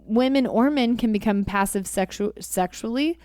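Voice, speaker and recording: An animated woman talks casually on a relationship podcast, her voice smooth, crisp and a bit high. The sound is dry and close, with no room around it. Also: normal speed, no room sound. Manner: animated, acts out playful quotes. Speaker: podcast co-host. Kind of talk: casual conversation with her husband.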